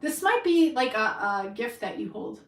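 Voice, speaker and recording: A woman's voice: a little high, sing-song, moderate pace, roomy sound, far from the mic. A woman giving an intuitive reading to a viewer, emphatic and encouraging, swearing freely for emphasis. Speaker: tarot reader.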